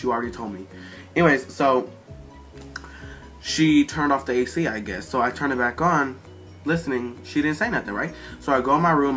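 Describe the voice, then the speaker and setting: A man rambles through a storytime monologue in a bright, forceful voice, swearing constantly as he retells what happened. His pitch sits at an ordinary middle height, and faint music plays behind him. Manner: profane, rambling, animated retelling. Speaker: storyteller vlogger.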